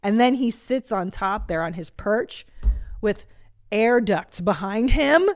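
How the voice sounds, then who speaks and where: A woman in her forties hosting a podcast in casual chat, blunt and profane with an animated delivery. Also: mid-range voice, slow pace, no echo, clean studio sound. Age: 40s. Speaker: podcast host.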